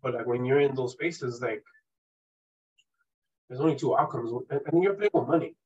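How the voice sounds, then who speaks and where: A man's voice: mid-range voice, moderate pace, darkish tone, husky, muffled recording. A man as a podcast guest telling candid stories, emphatic and swearing often, with frequent "right?" tags. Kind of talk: candid conversational storytelling.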